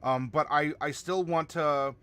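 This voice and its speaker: A man's voice: on the high side, steady tone, a little slow, a bit bright, clean tone. A man hosting a casual discussion, talking in a conversational way and thinking aloud. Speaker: host.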